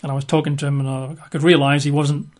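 Brit preacher guy chatting through a bible passage, slightly high voice, hesitant, lots of ums. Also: flat delivery, fast talker, darkish tone. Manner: chatty and hesitant, many fillers and 'sort of'. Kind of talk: conversational Bible teaching.

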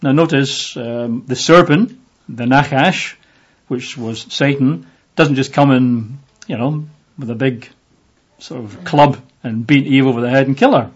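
A man teaching from the Bible in a relaxed, conversational way, with lots of fillers, sometimes acting out the voices in the passage. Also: mid-range voice, measured pace, breathy edge. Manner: conversational, with many fillers, acts out voices in the reading. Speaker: preacher. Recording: dull lo-fi audio.

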